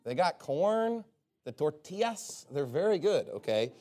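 A man's voice: a little high, sing-song, measured pace, a little mellow. Sarcastic preacher man with a raised voice. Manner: sarcastic, rambling, with joking asides. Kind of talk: informal sermon.

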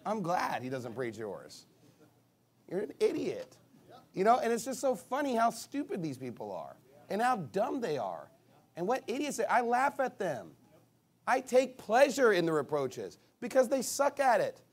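A man preaching a sermon in a high, lively voice that swings widely in pitch. He reads scripture slowly with climbing emphasis, then turns animated and mocking, with sudden shouted bursts. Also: husky. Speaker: pastor.

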